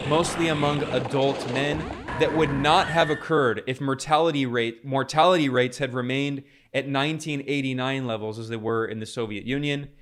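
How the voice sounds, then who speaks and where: A man's voice: medium pitch, fairly even intonation, moderate pace, few pauses, a bit bright. A man delivering a polemical political commentary monologue, emphatic, with frequent restarts.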